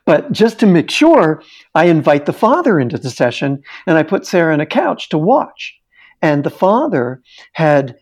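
A man's voice: a little high, a little mellow. A middle-aged man, a therapist and interview guest, animatedly telling a case story and acting out the dialogue.

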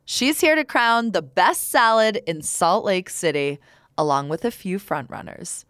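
A woman's voice: mid-range voice, expressive, unhurried, a bit bright, faint music behind. A woman hosting a local podcast, chatting casually and teasing her friend in a playful way. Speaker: podcast host.

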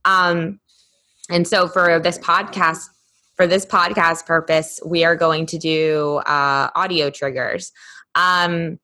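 A woman's voice: lowish voice, steady tone, takes it slowly, pushed and bright. A woman co-hosting a podcast, telling stories in casual chat with lots of fillers, talking over a remote call microphone. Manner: chatty storyteller, many fillers. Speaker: podcast co-host.

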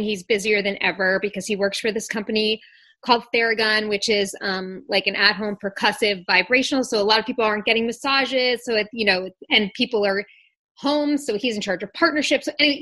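A woman's voice: mid-range voice, bright, forceful tone. A woman in her thirties co-hosting a podcast, chatting candidly and rambling, full of "like" and the odd swear. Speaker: podcast co-host. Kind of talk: casual chat.

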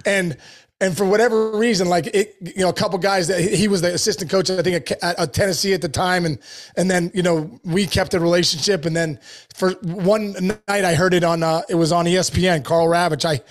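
A middle-aged man, a former baseball player, telling stories on a podcast in an animated, casual way, laughing often and calling people "dude.". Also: high-pitched, a little fast. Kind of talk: casual storytelling.

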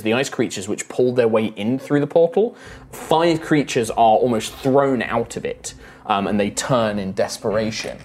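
A man's voice: mid-range voice, a little mellow. A man narrating as game master, casual and full of ums and restarts.

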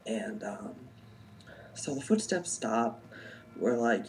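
A man's voice: mid-range voice, animated, takes it slowly, pauses often, a little hiss or hum. A young adult man telling a personal story in a casual, rambling way, full of "like" and "um". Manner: rambling, heavy use of "like" and "um".

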